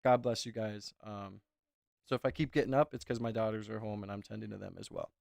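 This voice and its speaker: Brief: gravelly-voiced male streamer, casual and chatty, keeps thanking viewers, dry sound. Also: lowish voice, steady tone, quick pace, dry recording. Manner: warm thanks to viewers, oversharing. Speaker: streamer hosting a reaction stream. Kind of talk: casual chat.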